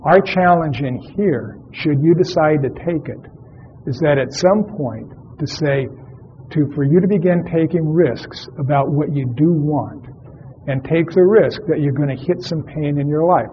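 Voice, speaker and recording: A man lectures to a room of therapists in a chatty, questioning way, his voice sitting a bit high. The sound is thin and phone-like, as if dubbed from an old cassette, with a faint hiss underneath. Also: a little slow. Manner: conversational, quizzes the audience. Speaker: therapist presenting at a workshop. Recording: tinny lo-fi cassette recording.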